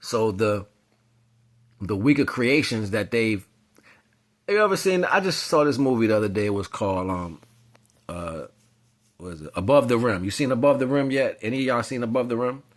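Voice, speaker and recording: A man giving a casual spiritual monologue, talking in loose slang and rambling off into animated storytelling. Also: medium pitch, normal speed, long pauses. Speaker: spiritual commentator.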